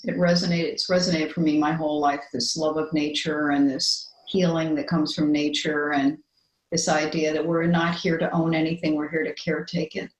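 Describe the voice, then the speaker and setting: An older woman co-hosting a chat show, talking earnestly with many fillers and restarts, and reading a poem slowly. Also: low voice, roomy sound, low-quality recording. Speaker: podcast co-host. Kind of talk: casual chat and slow poetry reading.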